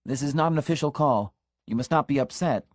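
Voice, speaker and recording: For an audiobook, a man voices an earnest, scandalized middle-aged country constable giving an urgent, conspiratorial warning that drops to a stage whisper. His voice is on the high side and pushed up, though close to everyday, delivered a little fast in clean studio quality with no room sound.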